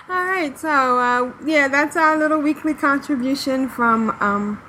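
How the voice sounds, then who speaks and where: Brief: woman podcast host, high bright voice, relaxed slow chatter, laughs often. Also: slight background noise, low-quality recording. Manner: chatty and laughing, with many fillers. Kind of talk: casual chat.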